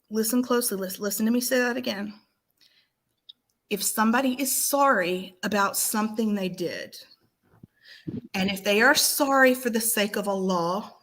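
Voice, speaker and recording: Woman, slow deliberate speech, firm, lecturing, repeats herself for emphasis, live-stream scolding. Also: medium pitch, fairly bright tone. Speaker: livestream co-host.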